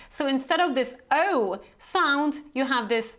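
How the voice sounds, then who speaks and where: Polish-accented woman trainer, careful pronunciation lesson, high voice, unhurried delivery. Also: animated, a bit bright. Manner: slow, careful, repeats words for learners to copy. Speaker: Business English trainer.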